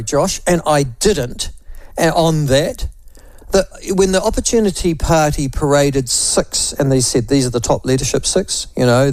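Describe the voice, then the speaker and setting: A middle-aged New Zealand man hosts opinionated talkback radio, blunt and rambling, with sardonic asides. His voice is on the high side with a darkish tone, and there's no room sound.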